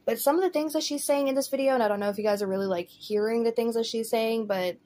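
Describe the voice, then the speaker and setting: A woman's voice: fairly high pitch, fast talker, mellow. A woman hosting a casual commentary vlog, talking in a chatty, rambling way full of "like" and "you know". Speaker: commentary host.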